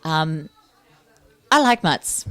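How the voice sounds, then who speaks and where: Woman, interviewer, activist, earnest, talkative, very low voice, dry sound. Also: very animated, very slow, fairly bright tone, clean tone, no echo. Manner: earnest and talkative, with fillers and restarts. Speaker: interviewer and animal welfare activist. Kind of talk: casual on-camera interview.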